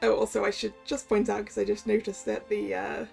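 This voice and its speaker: A woman's voice: medium pitch, level tone, a little fast, gravelly, darkish tone, faint music behind. A woman streaming a game, chatting and giggling as she comments between reading its lines aloud. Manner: giggly, chatty, self-correcting. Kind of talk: let's-play commentary.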